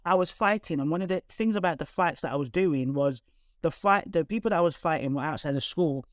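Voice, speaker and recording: A woman, a guest telling her life story in conversation, candid and animated with quick asides. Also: low voice, no room sound, studio quality. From London, England.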